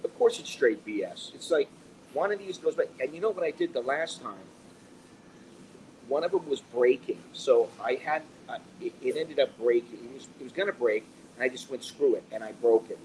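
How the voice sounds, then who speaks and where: American guy ranting at a cafe, swears a lot, keeps restarting, mid pitch, bit of cafe noise behind. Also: moderate pace, a little mellow, recorded from a distance, poor audio. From United States. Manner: rambling, profane, restarts often. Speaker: vlogger. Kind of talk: casual chat.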